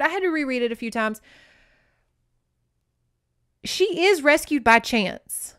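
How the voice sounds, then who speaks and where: A woman hosting a podcast, recapping a novel in a sarcastic, chatty, animated way. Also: sits high, takes it slowly, pauses often, no echo, clean studio sound. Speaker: podcast host. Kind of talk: casual book recap.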